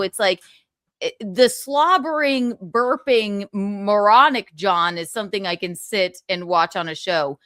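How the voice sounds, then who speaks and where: A woman's voice: mid-range voice, a little slow, no room sound, studio quality. A woman in a casual gossip chat, telling stories with laughter and acting out quoted lines. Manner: laughing, animated storytelling with mimicked quotes. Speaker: stream guest.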